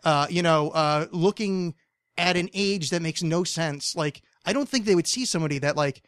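A man's voice: on the high side, moderate pace, a bit bright, smooth, dry recording. A man in his thirties hosting a podcast, telling a long rambling story full of swearing. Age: 30s. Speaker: podcast host. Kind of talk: casual chat.

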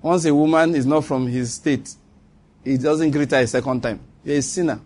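A man's voice: fairly high pitch, normal speed, a little mellow. A man preaching a sermon, earnest, teasing and exhorting.

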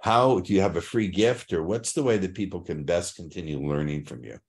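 A man's voice: sits low, fairly quick. A man hosting a podcast, chatting casually with his guest and laughing easily. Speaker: podcast host. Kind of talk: casual interview chat.

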